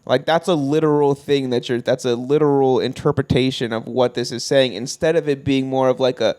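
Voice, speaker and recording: A young man co-hosting a podcast in casual chat, animated and profane, acting out bits of quoted voices. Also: medium pitch, a little fast. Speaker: podcast co-host.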